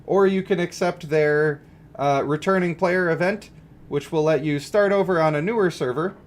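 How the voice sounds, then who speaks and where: A man's voice: on the high side, normal speed. A man giving casual, joking livestream commentary on a mobile game and greeting viewers. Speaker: gaming streamer.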